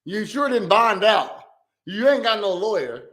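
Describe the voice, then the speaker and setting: A man's voice: sits high, big pitch swings, measured pace, a bit bright. Blunt, slangy man reacting. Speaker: reaction video host. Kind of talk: casual reaction commentary.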